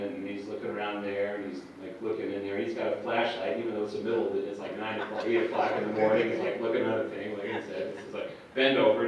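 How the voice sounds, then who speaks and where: A man telling a comic, self-mocking story to a live audience from the stage, recorded from far off in an echoey hall. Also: fairly low pitch.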